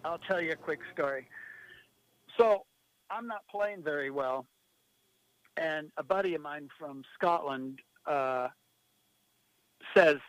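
A man with a high voice tells rambling golf-tour stories, laughing as he goes. His delivery is animated and loose, like a chatty radio guest. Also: slow, pauses often, dry recording, rough recording. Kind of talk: casual storytelling.

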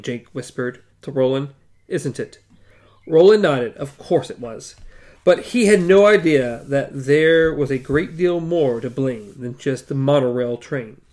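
A man's voice: fairly high pitch, darkish tone. A man co-hosting a podcast, reading a novel aloud and commenting hesitantly, often restarting. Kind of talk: book reading with casual chat.

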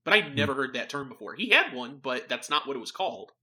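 A man's voice: medium pitch, big pitch swings, quick pace, bright, forceful tone. A man co-hosting a podcast in casual chat, hesitant and full of fillers but enthusiastic. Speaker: podcast co-host.

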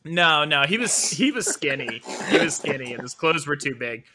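A man as a podcast guest, telling stories in a casual, animated way, laughing often and swearing freely. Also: a little high, normal speed, a crowd in the background. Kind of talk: casual storytelling.

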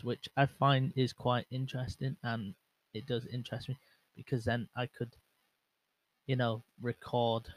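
A man's voice: mid-range voice, low-quality recording. A young man hosting a solo podcast, rambling and self-mocking with lots of fillers and restarts, into a bare microphone. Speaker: podcast host. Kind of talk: casual solo podcast chat. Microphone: bare microphone without windscreen, monitored on headset.

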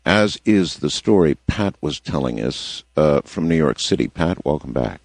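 Deep-voiced male call-in host, animated, dry close mic. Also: normal speed, husky, no echo. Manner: relaxed, conversational, with affirming interjections. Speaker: radio talk show host. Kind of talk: late-night call-in radio hosting.

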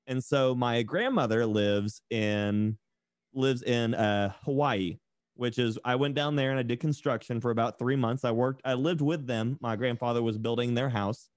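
A young man with a light Southern accent tells stories in a loose, chatty podcast style, with a dry sarcastic edge. His voice sits at an ordinary middle pitch and sounds close and dry, with no room around it. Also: moderate pace, dry recording. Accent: mild Southern US. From East Tennessee, USA. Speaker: podcast guest. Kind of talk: casual podcast chat.

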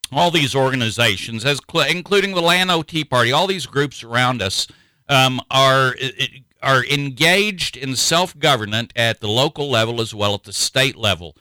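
A man's voice: medium pitch, bright, forceful tone, no echo, low-quality recording. A man hosting a radio talk show, talking in a folksy, rambling way.

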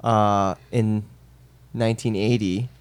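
A man's voice: on the low side, steady tone, takes it slowly, clean tone. A man in a casual podcast chat, thoughtful and laughing easily.

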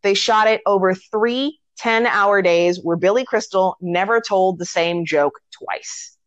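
Animated, swearing woman retelling a film. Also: medium pitch, unhurried, dry recording, lo-fi sound. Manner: animated storytelling with acted-out quotes and swearing. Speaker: podcast host. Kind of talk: casual chat retelling a film.

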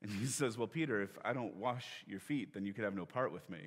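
A man's voice: fairly low pitch, quick pace, husky. Conversational male pastor in a reverberant hall. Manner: conversational storytelling, acting out quoted lines with laughs. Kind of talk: sermon. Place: church sanctuary.

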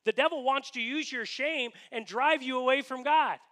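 A man's voice: extremely high pitch, moderate pace, sharp tone. A man preaching a sermon as pastor, earnest and emphatic, often asking his listeners rhetorical questions.

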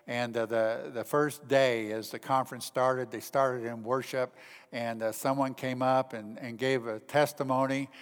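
A man's voice: mid-range voice, fairly even intonation, unhurried, clear, resonant tone. Earnest male preacher in a reverberant hall. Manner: earnest, rises in emphasis then drops to hushed tones. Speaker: pastor. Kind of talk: sermon.

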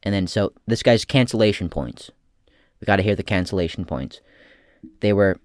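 A young man hosting a crude comedy commentary, swinging from loud shouting bits to a mocking, profane rant. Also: lowish voice, animated, moderate pace, no room sound, clean studio sound.

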